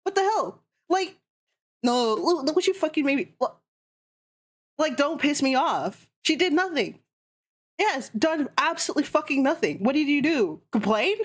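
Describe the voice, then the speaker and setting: A woman's voice: sits high, sing-song, a little slow. A young woman streamer ranting heatedly and sarcastically in casual chat, swearing constantly.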